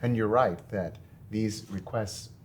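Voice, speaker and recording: A man hosting a podcast interview and asking questions in a soft-spoken, unhurried way. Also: on the low side, a little hiss or hum. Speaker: podcast host, priest.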